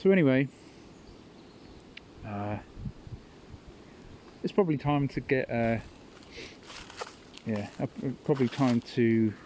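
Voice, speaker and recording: A man tells stories in an unhurried, rambling monologue, with a low, warm tone. He often chuckles at his own stories, and there is a faint ambient hiss behind him. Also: rough recording. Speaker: podcast host. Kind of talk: casual storytelling monologue.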